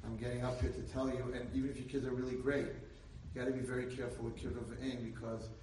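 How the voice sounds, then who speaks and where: A man giving an inspirational Torah lecture, telling a story and building to loud, emphatic peaks. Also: medium pitch, flat delivery, quick pace, far from the mic, a little hiss or hum. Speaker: rabbi lecturer. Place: lecture hall. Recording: echoey hall, speaker away from mic.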